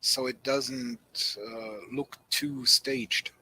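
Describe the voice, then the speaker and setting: A man chatting casually on an online call, pausing often to search for his words. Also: mid-range voice, fairly even intonation, sharp tone, breathy edge, poor audio. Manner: hesitant, searching for words with many ums. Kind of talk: casual chat.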